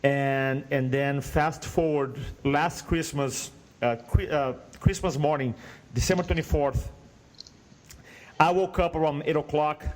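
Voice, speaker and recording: Brazilian guy w/ portuguese accent, fairly high voice, earnest storytelling. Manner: earnest, animated retelling with acted quotes. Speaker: guest speaker coach. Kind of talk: storytelling interview.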